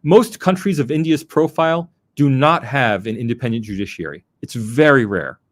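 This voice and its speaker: Male scholar being interviewed; deliberate, stresses key words, animated pitch. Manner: measured, emphatic, with restarts and stretched words. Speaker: academic guest. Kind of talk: interview answer, lecturing.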